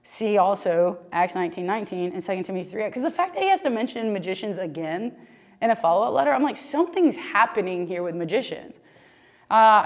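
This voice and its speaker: A woman leading a casual church Bible study discussion, talking in an animated, conversational way full of "like.". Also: medium pitch. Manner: animated, conversational, heavy use of "like".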